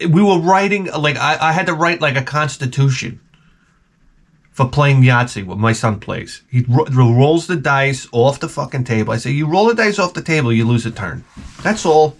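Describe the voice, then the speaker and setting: A middle-aged man rants in a rambling, profane, animated way, full of restarts. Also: a little high, normal speed. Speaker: vlogger. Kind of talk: profane comic rant.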